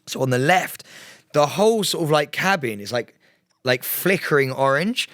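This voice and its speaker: Here a young British podcast co-host spins a story during casual chat, his voice on the high side and his pace moderate. Lively and quick to laugh, he performs other people's lines as he goes, captured in a dry, studio-quality recording.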